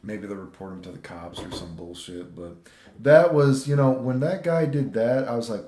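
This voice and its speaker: Low mellow man ranting in a roomy echo. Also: normal speed. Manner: rambling, animated when retelling, swears. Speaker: vlogger. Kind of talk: casual travel vlog rant.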